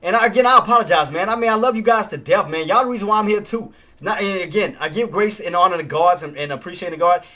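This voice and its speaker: A man hosting a live trading stream talks in an emphatic, streetwise way. His voice sits high with a bright, forceful edge. He repeats himself to drive each point home. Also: fast talker, few pauses. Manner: emphatic, repetitive, streetwise casual speech. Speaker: stock trading livestream host.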